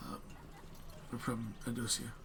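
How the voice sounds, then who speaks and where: Over some background noise, a man with a mid-range voice and little pitch movement runs a tabletop session as game master. His narration stumbles along, heavy with fillers and restarts.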